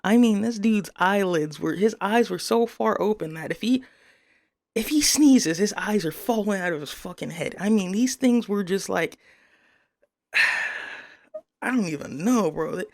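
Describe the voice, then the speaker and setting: Gravelly young woman telling a story. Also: medium pitch, measured pace, no room sound. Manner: rambling, profane, animated retelling. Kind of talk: casual storytelling.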